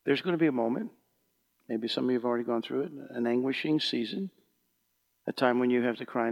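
Gravelly-voiced man preaching a sermon. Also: medium pitch, quick pace, pauses often. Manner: moves from hushed prayerful murmur to loud fervent calls. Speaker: pastor. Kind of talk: sermon with congregational worship.

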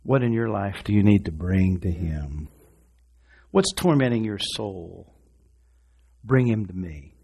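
A pastor preaching a sermon, moving from quiet, low talk to loud, shouted passages and repeating phrases for emphasis. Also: male voice, animated, slow, vocal fry, long pauses, breathy edge.

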